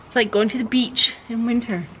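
A woman's voice: fairly high pitch, brisk, lo-fi sound, background noise. An older woman, a grandmother, chatting casually in a vlog while walking around her farm, switching into baby talk for a toddler and the animals. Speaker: vlogger. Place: outdoors at a farm and barn.

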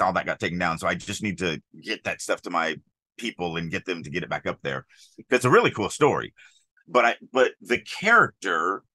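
Emphatic low-voiced man, dry close sound. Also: sharp tone, no room sound. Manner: opinionated, emphatic, rambling asides. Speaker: podcast co-host, author. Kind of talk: casual chat on writing craft.

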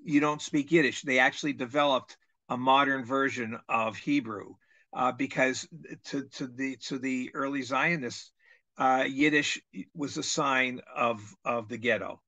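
A man's voice: medium pitch, unhurried, dry recording, highs cut off. A man in a casual video call chat, telling family stories in a rambling way with many restarts. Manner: rambling, restarts, animated when quoting. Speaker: trivia game player.

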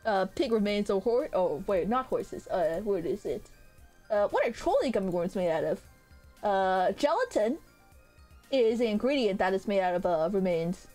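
A woman's voice: mid-range voice, animated, normal speed, a little mellow. A woman streaming as a VTuber, chatting casually with her chat in a rambling way full of hesitant fillers. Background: faint background music.

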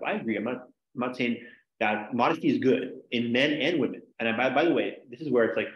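A man's voice: medium pitch, lively intonation, a little fast. A man teaching a casual logic class, rambling with many "like"s and restarts. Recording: echoey room, dull lo-fi sound.

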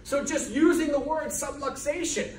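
A man's voice: very high-pitched, normal speed, darkish tone. Emphatic man lecturing in an echoey hall. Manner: emphatic and preachy, repeating key words and firing rhetorical questions. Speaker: chiropractor lecturing business students. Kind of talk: motivational classroom lecture. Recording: echoey hall from far off, faint noise.

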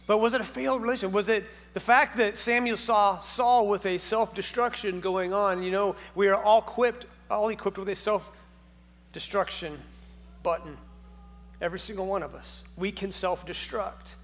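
A male pastor preaches with a high voice in a church hall whose long echo trails each phrase. He talks in a relaxed, conversational way, asks his listeners question after question, and slips in humor. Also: normal speed. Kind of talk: sermon. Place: church sanctuary.

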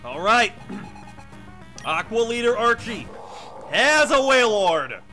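Chatty hoarse man commenting on a game. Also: extremely high pitch, slow pace, soft background music. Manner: chatty, excitable, addresses viewers. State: hoarse, coughing. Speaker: let's play host.

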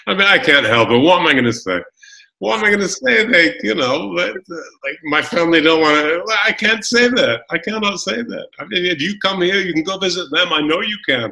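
A man's voice: on the high side, fairly quick, gravelly. A middle-aged man from Scotland, a guest actor chatting in an interview, rambling through fillers and restarts as he tells stories. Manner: rambling, full of fillers and restarts, animated storytelling. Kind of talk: casual interview chat. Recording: roomy echo.

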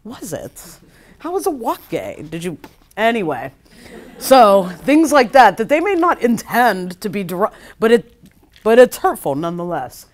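A woman's voice: medium pitch, very animated, a little slow. A woman psychologist giving a keynote lecture in a casual, chatty way, often saying "like" and acting out quoted speech. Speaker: keynote speaker.

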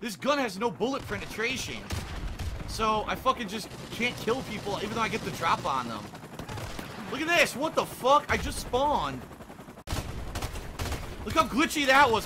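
High, lively-voiced man ranting over gameplay. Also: fairly quick, noisy background. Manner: ranting, exasperated, swears constantly. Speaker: gaming commentator. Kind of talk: live gameplay commentary. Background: faint gunfire from the game.

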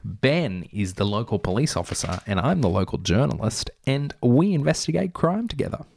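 A man's voice: mid-range voice, sing-song, normal speed, gravelly, a little mellow, a little hiss or hum. A young man reading aloud his childhood novel, breaking off for wry, joking asides. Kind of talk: casual read-aloud with asides.

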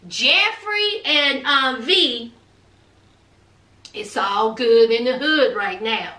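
Sassy high-voiced woman gossiping. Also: lively intonation, slow pace, pushed and bright, distant mic. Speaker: reality show reviewer. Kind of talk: casual chat recap. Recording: roomy, off-mic.

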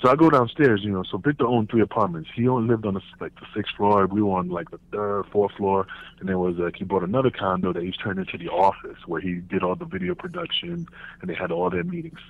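New man, forties, animated foul-mouthed storyteller, slightly dull podcast sound. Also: on the low side, quick pace, gravelly. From New York. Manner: profane, animated, acts out voices in anecdotes. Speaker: wrestling podcast guest. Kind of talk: casual storytelling. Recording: slightly muffled podcast audio.

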